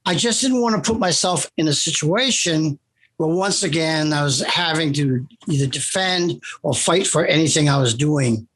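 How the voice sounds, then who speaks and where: Older man, husky voice, fairly high pitch, interview guest, animated rambling anecdotes. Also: moderate pace. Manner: animated, rambling, with frequent restarts. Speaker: interview guest, comic writer. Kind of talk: anecdotal storytelling in conversation.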